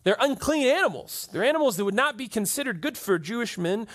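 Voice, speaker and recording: A man's voice: extremely high pitch, very animated, brisk, a bit bright. A man preaching a conversational sermon to a church audience, often checking in with "right?". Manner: conversational, keeps asking "right?". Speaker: pastor.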